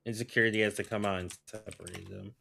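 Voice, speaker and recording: A man's voice: on the low side, steady tone, fast, vocal fry, pushed and bright, a little hiss or hum. A man co-hosting a wrestling podcast, talking casually with frequent restarts and fillers. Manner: hesitant, restarts, many "like"s. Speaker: podcast co-host. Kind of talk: casual chat.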